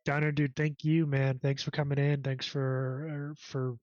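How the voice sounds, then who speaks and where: A man with a fairly high voice co-hosts a gaming livestream. He is friendly and laughs easily as he talks with chat viewers. He is heard through a dull, dry lo-fi mic. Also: level tone, normal speed, a little mellow, dry recording. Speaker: co-host.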